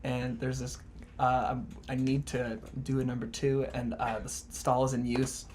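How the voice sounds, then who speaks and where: A man's voice: medium pitch, level tone, normal speed, darkish tone, a little hiss or hum. A young man, a band member telling a rambling tour story full of "like" and laughter. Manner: laughing, rambling with many likes. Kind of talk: casual storytelling.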